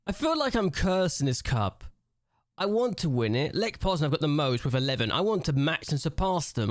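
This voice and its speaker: A young gaming YouTuber with an ordinary mid-pitched voice plays a football management game, voicing his exasperation aloud in let's-play commentary. The audio is close and dry, with no room sound at all.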